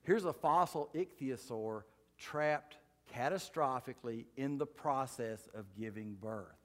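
A creation science speaker gives a folksy, joking slide lecture to a live audience, landing dry punchlines. His mid-range voice is a bit bright and a little slow, and a long hall reverb surrounds it.

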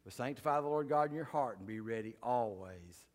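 A man's voice: mid-range voice, expressive, brisk. A man giving a folksy, joking lecture with slides to a live audience, delivering dry punchlines. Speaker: creation science speaker. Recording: long hall reverb.

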